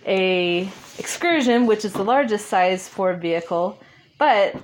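A woman speaks as an interview guest, telling a personal story in a relaxed, chatty way. She laughs often and acts out remembered conversations as she goes. Her voice sits at a middle pitch for a woman. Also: unhurried, a little hiss or hum. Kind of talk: casual storytelling.

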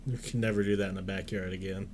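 A young man chatting casually as a podcast co-host, easygoing and agreeable, quick to laugh. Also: sits low, steady tone, a little mellow. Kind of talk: casual chat. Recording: faint background noise.

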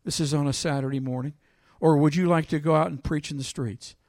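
A man delivers a sermon in a somewhat high voice, recorded close and dry with almost no room sound. He reads scripture loudly and emphatically, then drops into a quiet, conversational tone to tell a story from his own ministry. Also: fairly quick, no echo. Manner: animated, swings between loud emphatic reading and quiet storytelling. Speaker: preacher.

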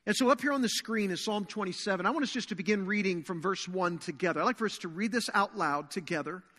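A man preaching a sermon as pastor to his congregation, earnest and slowing down to stress key phrases. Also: high voice, bright, forceful tone. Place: church sanctuary. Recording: long reverb of a large hall.

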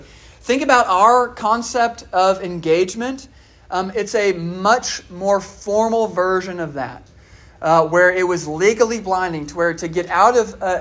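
A preacher giving a sermon in a conversational way, asking the listeners questions and often saying "all right" and "uh". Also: medium pitch. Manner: many fillers like "all right" and "uh".

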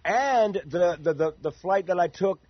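A male radio host with a husky, slightly breathy voice chats through a morning show. His pitch swings widely as he tells excited stories. The sound is dull, lo-fi and dry. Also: unhurried, dry recording. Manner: animated, excitable storyteller. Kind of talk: casual morning radio chat.

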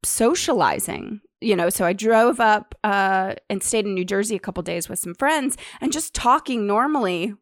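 A woman's voice: mid-range voice, moderate pace, hardly any pauses, no echo. Woman chatting on a podcast, dry sound. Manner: supportive listener, frequent agreement sounds, laughs. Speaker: podcast co-host. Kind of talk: casual chat.

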